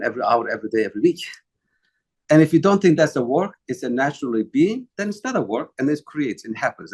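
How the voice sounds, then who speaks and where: A middle-aged man speaks as an interview guest, earnest and reflective, with a voice of ordinary pitch. He often restarts his sentences, and he repeats phrases to press a point home. His grammar is loose, like someone speaking a second language. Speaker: company founder, interview guest.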